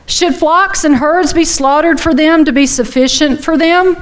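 A woman's voice: sits high, a little slow, pitched above the performer's own voice. A woman putting on an exasperated old male prophet who whines and pleads in a raised voice. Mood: pleading.

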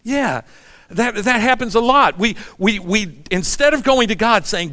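A man in his sixties preaches with a fairly high voice. He tells stories in a loose, conversational way and keeps turning to the congregation with questions. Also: unhurried, a bit bright. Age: 60s. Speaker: pastor. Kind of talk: sermon.

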